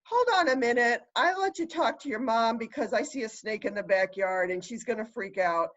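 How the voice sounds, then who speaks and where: A middle-aged woman, a guest chatting quickly and telling stories about home. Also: on the high side. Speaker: guest, the host's mother. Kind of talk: casual chat. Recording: dull lo-fi line.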